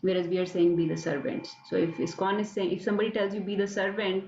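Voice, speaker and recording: A woman's voice: mid-range voice, level tone, fast, warm tone, a little hiss or hum. Woman, scripture teacher, recites verses, roomy echo, dull lo-fi sound. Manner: explanatory, recites Sanskrit verses. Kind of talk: scripture class lecture. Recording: echoey, dull lo-fi audio.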